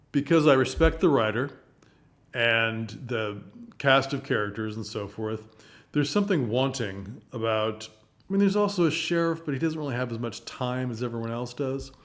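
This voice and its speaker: A man in a relaxed, unscripted review, talking through his thoughts on a play as they come to him. His delivery wanders and circles back, with lively little asides, at an ordinary middle pitch for a man. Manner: rambling, thinks aloud, animated asides. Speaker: theater reviewer. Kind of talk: casual spoken review.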